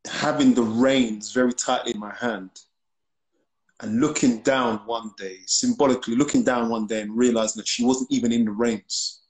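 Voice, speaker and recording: A man's voice: mid-range voice, steady tone, normal speed. A man talking casually and reflectively in a discussion. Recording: echoey room.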